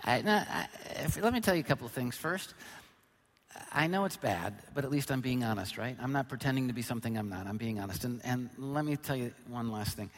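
A middle-aged man preaching a sermon, his voice bright and lively as it swings up and down. He trades self-mocking jokes for sudden loud, pointed emphasis. The sound rings with the long reverb of a large church hall. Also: a little high. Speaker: pastor.

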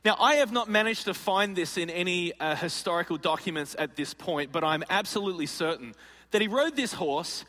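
A male pastor preaches a sermon with a high, bright voice and acts out little scenes with humor. His speech rings through a large church hall with a long reverb. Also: fairly quick. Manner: animated and jokey, acts out scenes.

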